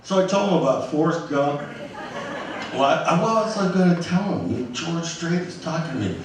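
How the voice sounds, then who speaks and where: A man telling a story on stage in a small music club, animated and emphatic, acting out the dialogue with others as he goes. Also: fairly high pitch, normal speed, noisy background. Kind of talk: live onstage storytelling. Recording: echoey live club from a distant mic.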